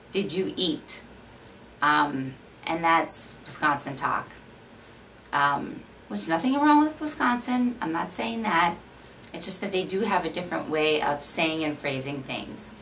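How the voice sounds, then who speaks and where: Low-voiced woman vlogger with a Minnesota accent, rambling casual chat, faint background hiss. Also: lively intonation, unhurried, fairly bright tone, distant mic, rough recording. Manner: chatty, rambling, many fillers. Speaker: beauty vlogger.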